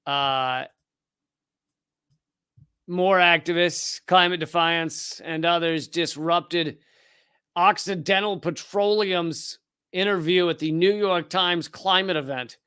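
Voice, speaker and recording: A Richmond, Virginia man with a Southern US accent talks back to his live chat on a political commentary stream, sardonic and rapid, often restarting. His high-pitched voice is pushed, bright and clean, recorded dry with clean studio sound.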